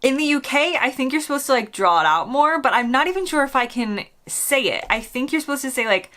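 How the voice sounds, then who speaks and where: Lively, bright-voiced American woman vlogger. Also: high-pitched, fairly quick. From United States. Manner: chatty, self-deprecating, often laughing at herself. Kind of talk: casual explainer vlog.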